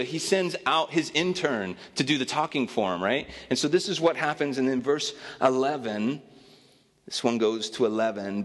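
A man's voice: medium pitch, a bit bright. A man giving a casual, joking sermon as a pastor, telling a Bible story in an easygoing, conversational way. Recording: long reverb of a hall.

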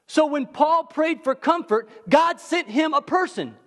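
A man preaching a sermon in an animated, conversational way, full of fillers like "like" and "right?". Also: extremely high pitch, moderate pace. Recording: long hall reverb.

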